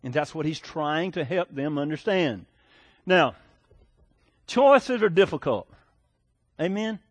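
A male pastor delivers a sermon in a relaxed, conversational tone, often stumbling over and repeating his words. His voice sits high for a man. The sound is dry and close, with little room echo. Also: takes it slowly.

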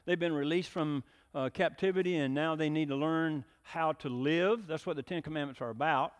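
Speaking at a moderate pace with few pauses, a pastor with a slightly high voice preaches conversationally and often asks the congregation questions. The recording comes from a church sanctuary with long hall reverb.

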